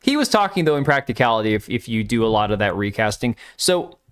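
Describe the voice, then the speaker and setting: A man's voice: mid-range voice, sing-song, quick pace, a bit bright, clear, resonant tone. Male live streamer, casual and blunt; crude, opinionated riffing with chat.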